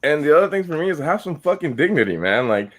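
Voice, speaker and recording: A man's voice: fairly high pitch, big pitch swings, quick pace, fairly bright tone. Profane, heated man ranting on a podcast. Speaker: podcast host. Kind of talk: casual podcast rant.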